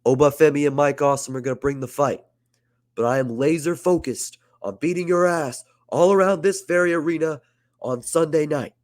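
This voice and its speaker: A man's voice: on the high side, normal speed, a little mellow, voice pushed up, natural voice. A man voicing a fierce, blunt veteran male wrestler. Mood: fired up.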